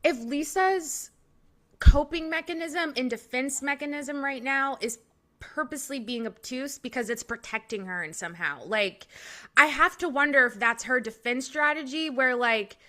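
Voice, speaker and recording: Bubbly florida woman on a recap podcast, crisp bright voice, says like a lot. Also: sits high, moderate pace. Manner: bubbly, laughing, frequent "like". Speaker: podcast co-host. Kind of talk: casual recap chat.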